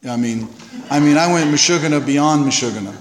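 A man sharing at a recovery meeting, telling a self-mocking, animated story that rises loud and high at the funny parts. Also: moderate pace, long reverb tail, a little hiss or hum. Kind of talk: storytelling share.

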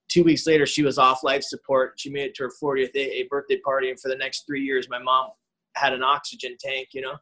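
A man's voice: medium pitch, sharp tone, low-quality recording. A man in his forties speaking at a recovery meeting, telling a personal story in a rambling, conversational way with many restarts. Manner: rambling, conversational, frequent restarts and "you know".

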